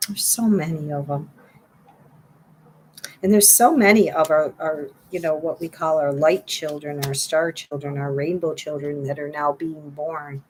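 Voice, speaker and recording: A woman's voice: low-pitched, steady tone, unhurried, slight background noise, poor audio. A middle-aged woman giving a spiritual card reading to her viewers, earnest and pleading, repeating her phrases.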